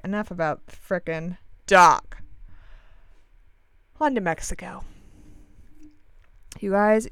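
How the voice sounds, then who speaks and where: A young woman rambles through a story for her listeners, full of fillers, asides and self-corrections. Her voice is smooth and clear, with lively jumps in pitch. The recording is dry and close. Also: no room sound. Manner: chatty, animated, acts out quoted dialogue, frequent fillers and self-corrections.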